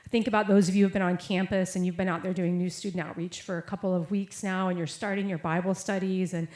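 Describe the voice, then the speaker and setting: A woman's voice: fairly low pitch, level tone, fast, darkish tone. Young adult woman, chatty preacher with storytelling style; echoey hall. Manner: casual storytelling with many fillers and quoted voices. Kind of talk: sermon with personal story. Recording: echoey room.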